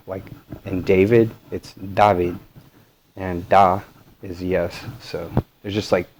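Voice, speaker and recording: A man's voice: deep voice, a little mellow, slight background noise, poor audio. A man talking through a casual vlog, meandering with frequent fillers and self-corrections. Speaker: channel host. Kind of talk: rambling casual vlog commentary.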